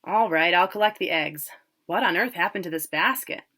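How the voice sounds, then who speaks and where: A woman's voice: on the low side, moderate pace, sharp tone. A woman voicing a proud, cocky young man, the older brother home from college.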